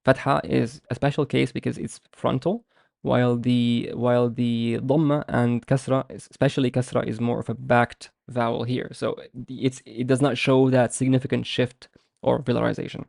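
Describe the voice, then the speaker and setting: A man teaching a language lesson, explaining patiently and slowly repeating sounds to demonstrate them. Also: mid-range voice, level tone, vocal fry, a little mellow, dry recording, clean studio sound.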